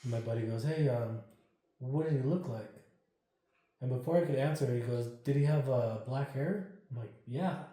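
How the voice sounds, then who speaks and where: Male interview guest, casual storyteller with a mellow, dark tone who acts out the lines and curses freely, in a very echoey room. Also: medium pitch, normal speed. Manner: animated, acts out quoted dialogue, swears freely.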